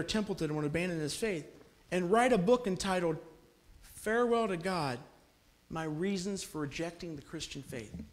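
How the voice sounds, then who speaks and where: A man preaching a sermon in a church, telling a story earnestly and pressing his listeners with urgent appeals. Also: sits high.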